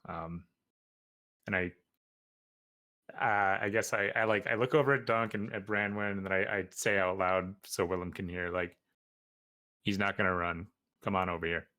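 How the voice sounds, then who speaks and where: A man's voice: sits low, steady tone, normal speed, pauses often, bright, forceful tone. A man playing a tabletop game, speaking hesitantly with many fillers. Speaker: player. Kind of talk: casual tabletop play.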